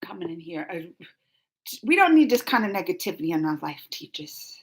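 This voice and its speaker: A woman's voice: lowish voice, moderate pace. A woman in her forties hosting a live stream, chatting casually and teasingly with viewers as she reads their messages. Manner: animated, teasing, talks straight to chat readers. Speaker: live-stream host reading chat.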